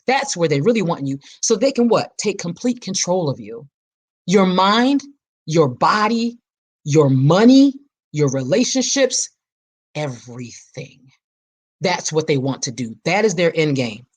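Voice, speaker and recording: A woman in her forties hosts a personal, reflective podcast, speaking emphatically like a preacher and repeating her key phrases. Her husky voice is lowish, with big pitch swings, and she talks a little slowly.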